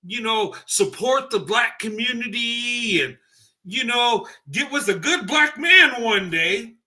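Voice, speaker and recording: High, bright-voiced man reacting to a clip. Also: lively intonation, slow. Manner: incredulous, mocking, laughs and imitates. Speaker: commentary channel host. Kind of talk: reaction commentary.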